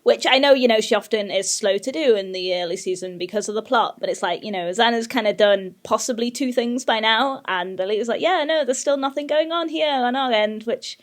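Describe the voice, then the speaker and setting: A woman's voice: a little high, a little fast, hardly any pauses. A woman co-hosting a podcast, casually recapping an episode and often laughing as she talks. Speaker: podcast co-host.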